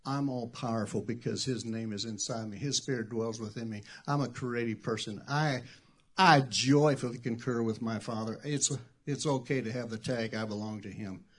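A middle-aged man preaching a sermon as pastor, talking conversationally and jumping between quiet asides and loud shouted bursts. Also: medium pitch, normal speed, breathy edge.

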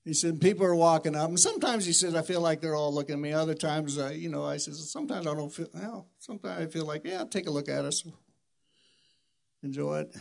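A man's voice: on the high side, a little fast, gravelly. Storytelling man preaching a sermon. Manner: storytelling, swings from loud shouted quotes to soft hushed prayer. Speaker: pastor.

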